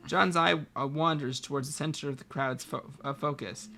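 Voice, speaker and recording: A man's voice: a little high, fairly even intonation, normal speed, vocal fry, sharp tone, a little hiss or hum. A man reading a story aloud as narrator who stumbles over words and restarts as he goes. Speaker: reader, co-host.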